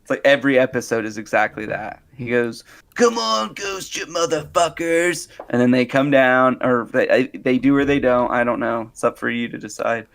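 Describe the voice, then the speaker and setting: A man's voice: medium pitch, steady tone, brisk, few pauses, a bit bright. A man co-hosting a casual podcast, joking, laughing often and mimicking people in quotes. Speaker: podcast co-host. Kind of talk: casual chat.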